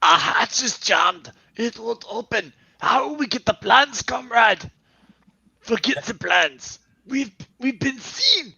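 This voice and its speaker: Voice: mid-range voice, very animated, takes it slowly, vocal fry, sharp tone, slightly rough, dry recording, dull audio, exaggerated voice. A reader voicing a police chief and sub crew who bark orders, in a casual comic read-aloud. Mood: alarmed.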